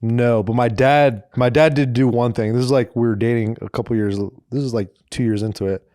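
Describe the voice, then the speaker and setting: A man in his thirties tells a comedy-podcast story in a relaxed, meandering way, cursing now and then. His voice sits at a plain middle pitch. The sound is close and dry. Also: brisk, dry recording. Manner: rambling, laid-back, swears freely. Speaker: podcast co-host.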